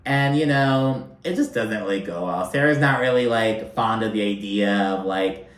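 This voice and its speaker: A man's voice: on the low side, moderate pace, reverberant. A man giving casual, profane commentary on a reality show, talking loosely and filling his speech with "like". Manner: profane, chatty, filler-heavy with constant "like".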